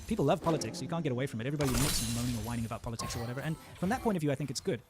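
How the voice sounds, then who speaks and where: A man's voice: medium pitch, expressive, racing. A man from Africa, rambling through an opinion monologue full of ums and side tracks. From South Africa. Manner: rambling and digressive, many ums. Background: loud metal music.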